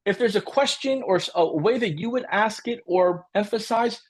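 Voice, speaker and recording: A man with a high, husky voice coaches a live training webinar energetically. He drives points home through repetition, keeps asking "right?", and acts out short client scenes.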